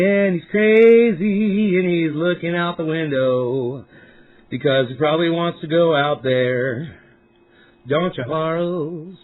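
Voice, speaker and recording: Chill guy rambling on his home stream, cussing a lot, kinda high voice, tinny phone-like sound. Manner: laid-back, rambling, swears freely. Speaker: livestream host. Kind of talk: casual livestream chat.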